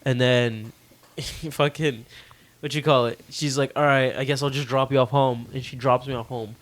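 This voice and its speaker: A man's voice: medium pitch, fairly even intonation, moderate pace. A young man on a podcast telling a story casually, laughing and swearing often. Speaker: podcast co-host.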